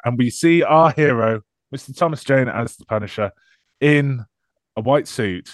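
A man's voice: medium pitch, normal speed, no room sound, studio quality. A man co-hosting a casual podcast, bantering sarcastically about a movie and laughing often. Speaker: podcast co-host. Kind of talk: casual chat.

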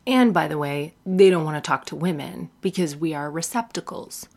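A woman's voice: deep voice, animated, moderate pace, vocal fry, darkish tone. A woman stand-up comedian talking candidly and bluntly, swearing freely and mocking men in exaggerated put-on voices.

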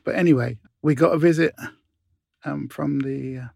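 British man in his 60s, interview guest, gravelly and husky, dry close sound, relaxed storyteller. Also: fairly high pitch, normal speed, no room sound. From Britain. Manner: relaxed anecdotal, restarts and asides.

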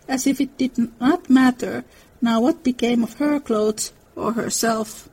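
A woman giving an expressive dramatic reading of a classic novel, narrating and voicing the characters. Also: a little high, unhurried, husky, poor audio. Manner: expressive storytelling.

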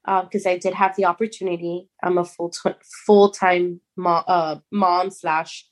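A young woman who is a mother, telling a personal story in an earnest, halting way, often restarting words. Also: fairly low pitch, flat delivery. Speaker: guest.

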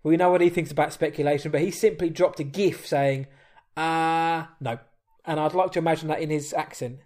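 A high-voiced man co-hosts a podcast with upbeat, chatty energy. He reads listener messages and riffs on them in a casual, friendly way. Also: quick pace. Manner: energetic, banter-filled, reading listener messages. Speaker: podcast co-host.

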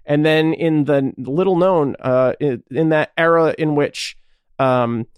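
A man's voice: fairly high pitch, takes it slowly, clean tone, no room sound. List: man, casual podcast chat, enthusiastic, rambling, swears, dry room. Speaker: podcast co-host.

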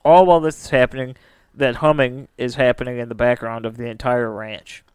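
Podcast host, male, chatty narrator with a resonant voice in a dead-quiet room. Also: mid-range voice, fairly even intonation, fairly quick, clear, resonant tone, no echo. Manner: chatty, lots of filler "like". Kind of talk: casual storytelling.

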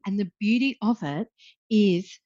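A woman's voice: medium pitch, unhurried, dry recording. A woman guest, a brand founder, telling her story with animation, acting out what people said, with frequent ums. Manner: lively, acts out quoted voices, frequent ums. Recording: dull lo-fi dry sound.

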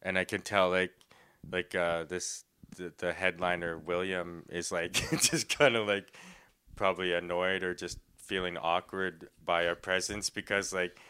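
Bright, chatty young male comedian. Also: low-pitched, steady tone, unhurried, clean tone. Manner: rambling, filler-heavy, laughing often. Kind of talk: casual storytelling.

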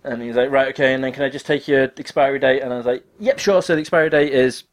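A man telling a story in a lively voice, swearing as he goes. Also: medium pitch, racing. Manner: animated, swears often, acts out quoted dialogue. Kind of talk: casual storytelling chat.

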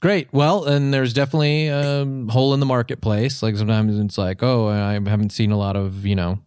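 A man improvising a comedy scene as an earnest songwriting teacher, rambling through ideas, his pitch jumping up when he gets excited. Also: a little fast, smooth, dry recording, clean studio sound. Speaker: comedy podcast host playing a songwriting teacher.

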